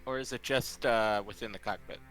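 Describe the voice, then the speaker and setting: A man's voice: on the low side, fairly even intonation, a little fast, fairly bright tone, soft background music. Hesitant man asking at the table. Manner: hesitant, questioning. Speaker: player. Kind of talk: tabletop game chat.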